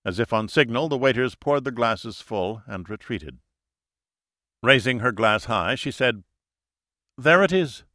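A man narrating a thriller audiobook in a measured, dramatic storytelling manner. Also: fairly low pitch, bright, forceful tone, no echo, studio quality.

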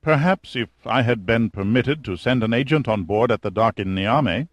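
A man's voice: medium pitch, normal speed, no room sound, natural voice. A man voicing a nervous, apologetic middle-aged intelligence colonel in an audiobook reading. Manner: anxious, apologetic, eager to please.

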